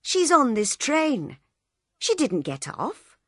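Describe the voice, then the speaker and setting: A woman's voice: sits high, huge pitch swings, slow pace, slightly rough, no room sound, clean studio sound, pitched above the performer's own voice, heavily acted. A woman voicing an upset young husband on a train, pleading and agitated.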